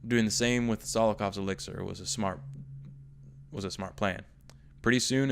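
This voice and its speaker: A man's voice: fairly low pitch, vocal fry, a little hiss or hum. A man reading as a drawling slum gang member. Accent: slipping into a put-on American Southern drawl. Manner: unhurried storytelling read-aloud. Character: male slum gang member recounting his boss's rise. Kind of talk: reading an in-game note aloud.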